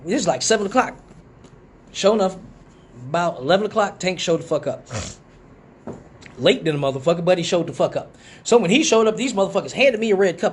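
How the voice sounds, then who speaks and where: A man's voice: fast, long pauses, slightly rough. A man telling a profane story on a live stream, acting out quotes. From Detroit. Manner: animated, profane, acts out quotes in a higher voice. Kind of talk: casual storytelling.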